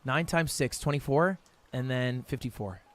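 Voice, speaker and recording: A young man streaming himself solving math drills, reading questions aloud fast, muttering counts and shouting in frustration. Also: mid-range voice, music in the background. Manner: frustrated outbursts, reads questions aloud fast, counts under his breath. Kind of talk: live-stream commentary while solving math problems.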